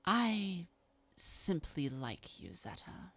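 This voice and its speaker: A woman voicing a cryptic, coaxing female vampire who talks in a soft, half-whispered, drawn-out way. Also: fairly low pitch, sing-song, vocal fry, dry recording, heavily acted.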